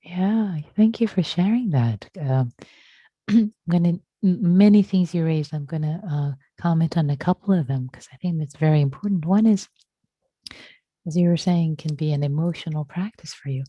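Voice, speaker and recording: A woman meditation teacher speaking gently and reassuringly to a group on a video call, slow and sometimes breathy. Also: low voice, no echo. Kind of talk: gentle dharma talk to a Zoom group. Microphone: computer mic on a video call.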